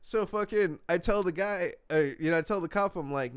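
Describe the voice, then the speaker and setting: A man's voice: high voice, brisk, few pauses, clear, resonant tone. A young man casually telling a story on a podcast, laid-back and profane, full of slang and fillers.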